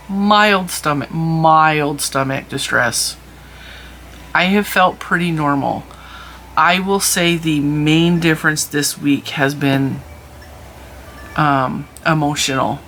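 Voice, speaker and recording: A woman's voice: deep voice, sharp tone, a little hiss or hum. A middle-aged woman hosting a crafting channel, chatting candidly at home and rambling through a personal story. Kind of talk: casual vlog chat.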